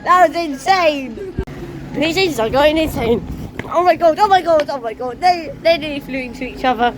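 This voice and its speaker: High-voiced excitable woman filming buses outdoors. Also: moderate pace. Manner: excitable, exclaiming and laughing often. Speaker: transport vlogger. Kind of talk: excited casual vlog commentary. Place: outdoors by a busy road with buses. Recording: outdoor traffic noise. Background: buses and street traffic.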